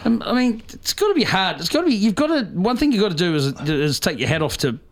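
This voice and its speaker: A man co-hosting a podcast in casual banter, making dry sarcastic quips with halting restarts. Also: sits high, very animated. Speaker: podcast co-host.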